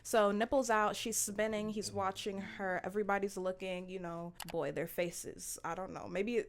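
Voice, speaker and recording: A woman recapping a reality show in casual commentary, playful and blunt, laughing often and dropping slangy asides. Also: medium pitch. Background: background music.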